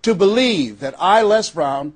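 A man from Miami, Florida, giving a motivational speech, emphatic and repetitive, slowing down on key phrases with dramatic pauses. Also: high voice, lively intonation. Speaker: motivational speaker.

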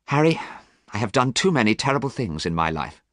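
A man voicing a young gentleman in a storybook reading, earnest and pleading, in a raised voice. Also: medium pitch, very animated, fairly quick, no room sound, clean studio sound, pitched above the performer's own voice. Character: young gentleman, anxious and eager to be good.

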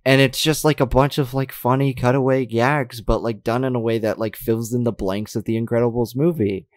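A young man in his twenties with a mid-pitched voice co-hosts a casual podcast. He argues stubbornly for his opinions against his friends. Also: steady tone, fairly quick. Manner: argumentative, defends his picks. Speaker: podcast co-host. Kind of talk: casual chat.

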